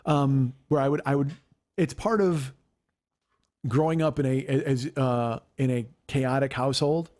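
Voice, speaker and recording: A man in his forties hosting a podcast, telling a story in casual chat, profane, animated and self-mocking. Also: medium pitch, a little slow. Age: 40s. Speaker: podcast host.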